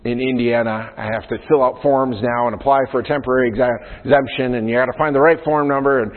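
Fast and steady in tone, this mid-range male voice belongs to a pastor talking through Scripture in a conversational sermon, frequently asking "right?" The sound is phone-like, set in a long-reverb hall.

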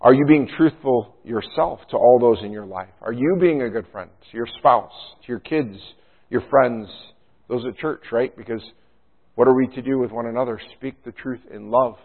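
A male pastor preaching a sermon at a medium pitch. He leans on rhetorical questions and keeps checking in with "right?". The sound is thin and narrow, like a phone line. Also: moderate pace.

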